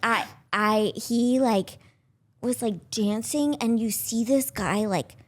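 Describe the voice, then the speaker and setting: Teasing woman host, slightly high voice. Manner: teasing, quick jokes, laughs a lot. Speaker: podcast host. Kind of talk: casual chat.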